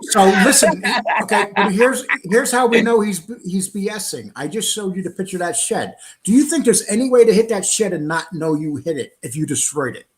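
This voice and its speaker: Male host, casual, emphatic, lively somewhat high voice. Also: brisk, hardly any pauses. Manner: emphatic, rhetorical questioning. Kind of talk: casual chat.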